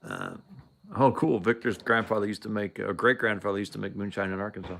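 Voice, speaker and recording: A man's voice: lowish voice, lively intonation, fairly quick, creaky, fairly bright tone. Rambling man telling an old story. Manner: rambling, laughing, many restarts. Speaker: show host. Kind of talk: casual storytelling.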